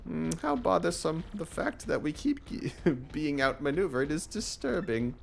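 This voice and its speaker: Raised, indignant posh villain voice, from a lets-player, theatrical. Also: male voice, on the high side, sing-song, measured pace, creaky, slight background noise, voice pushed up, heavily acted.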